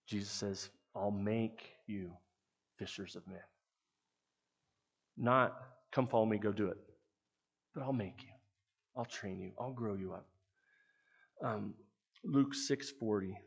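A middle-aged man preaching with an earnest, storytelling delivery. His low voice is gravelly and a little husky, and his lines often fade off quietly at the end. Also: slow pace, pauses often. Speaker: pastor. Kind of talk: sermon.

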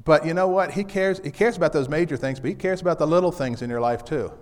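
A man's voice: fairly high pitch, fast. Folksy man preaching in a reverberant church. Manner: repeats key lines, folksy asides. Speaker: pastor. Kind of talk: casual conversational sermon. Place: church sanctuary.

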